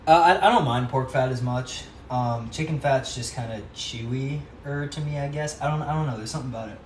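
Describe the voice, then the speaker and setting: A little fast and mid-range in pitch, a man's voice chats casually to camera as he cooks in his home kitchen, thinking aloud along the way for his vlog. The recording is noisy, roomy, and distant.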